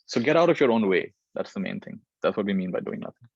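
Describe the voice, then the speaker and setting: A man's voice: lowish voice, lively intonation, fast talker, creaky, slightly rough, no echo, highs cut off. Brief: man, spiritual teacher, repeats phrases to drive them home, dry close sound. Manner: reflective, repeats phrases for emphasis. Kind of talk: spiritual Q&A talk.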